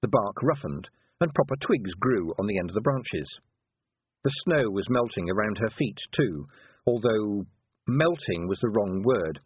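A man narrating a storybook in an expressive, varied way. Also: fairly low pitch, a little slow, slightly rough, no room sound. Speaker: audiobook narrator. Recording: tinny phone-like sound, dry.

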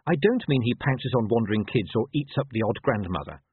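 Male reader plays a blunt young werewolf woman, dry and sarcastic; tinny, husky lo-fi take. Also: mid-range voice, big pitch swings, a little fast, no room sound. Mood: sardonic.

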